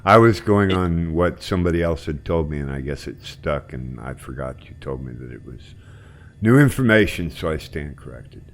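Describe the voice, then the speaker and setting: A man hosting a flight sim group, chatting in a relaxed, rambling way while he flies. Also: very deep voice, moderate pace. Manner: relaxed, rambling, trailing off quietly. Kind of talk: casual chat while flying.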